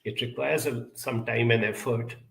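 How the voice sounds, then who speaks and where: A man answering audience questions in a reflective advice talk, speaking in a measured, deliberate way with frequent pauses. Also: medium pitch, fairly even intonation, vocal fry, roomy sound, low-quality recording.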